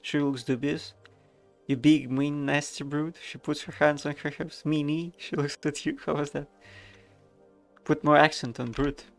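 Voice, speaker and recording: A man's voice: on the high side, little pitch movement, unhurried, soft background music. A man streaming a video game, reading the narration aloud with wry, casual asides.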